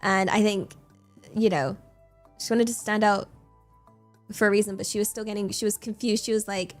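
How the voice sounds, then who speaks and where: A woman's voice: medium pitch, fairly even intonation, moderate pace, pauses often, soft background music. A young woman streamer telling a story in casual chat, incredulous and laughing, rambling with many fillers.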